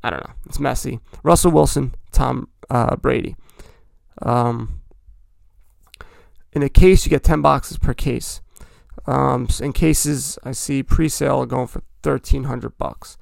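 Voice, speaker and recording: A man's voice: medium pitch, steady tone, takes it slowly, gravelly, darkish tone, no echo, studio quality. A man hosting a podcast, talking in a rambling, chatty way and correcting himself as he goes. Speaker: podcast host. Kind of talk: casual hobby talk.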